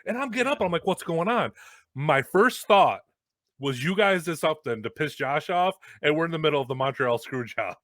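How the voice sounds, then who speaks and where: A young man hosting a casual chat, telling a story with lots of swearing and loud acted-out quotes. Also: fairly high pitch, fairly quick, no echo. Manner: animated, swearing, acts out quotes loudly. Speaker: host.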